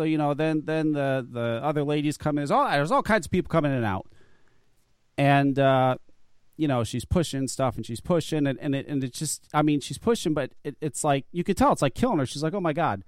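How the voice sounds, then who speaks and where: A man's voice: medium pitch, clean tone, no echo, studio quality. A man telling a long, profane story in casual chat, full of restarts and stammered repeats. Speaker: guest.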